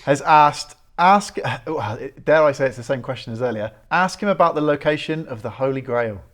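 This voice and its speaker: A man's voice: medium pitch, animated, normal speed. A man hosting a casual podcast, reading out listener questions and laughing easily. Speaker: podcast host.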